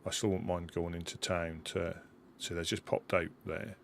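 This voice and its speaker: A man with a deep, low voice chats casually during a game. He tells stories in a steady, level way, his pitch barely moving. A faint hiss runs underneath. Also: moderate pace, vocal fry. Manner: steady, level storytelling with fillers. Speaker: fellow player. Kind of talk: casual chat while gaming.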